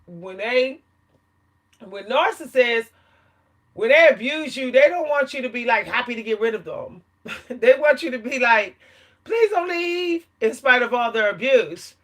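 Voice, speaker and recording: A woman's voice: a little high, lively intonation, moderate pace. A woman talking to camera in a casual vlog monologue, telling an emphatic story and laughing often between points. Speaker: vlogger.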